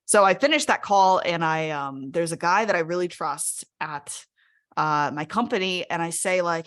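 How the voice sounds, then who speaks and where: A woman's voice: fairly low pitch, moderate pace, a bit bright. A woman speaking candidly to a live webinar audience from her home workspace over a video call, often checking in with listeners. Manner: candid, conversational, often asks the audience "right?". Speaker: speaker sharing a personal story.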